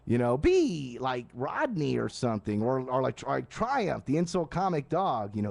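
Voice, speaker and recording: Animated man ranting on live radio. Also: mid-range voice, normal speed, creaky, hardly any pauses. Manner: animated, casual, frequent restarts and asides. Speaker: pirate radio host. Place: live stream studio at night.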